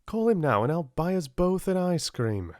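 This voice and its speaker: A man's voice: on the high side, very animated, normal speed, no echo, studio quality, voice pushed up. A man doing a wry, easygoing middle-aged father. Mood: exasperated. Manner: mild, wry. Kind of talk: audiobook character voice.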